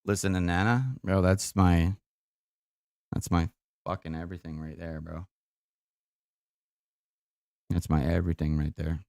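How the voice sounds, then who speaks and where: A young man talks casually on a live stream while on a phone call, tired and loose, with frequent swearing. His voice is smooth and clear. The mic is close and dry, with no room sound. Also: low voice, steady tone, measured pace, pauses often, darkish tone, dry recording. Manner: casual and profane, laughing easily.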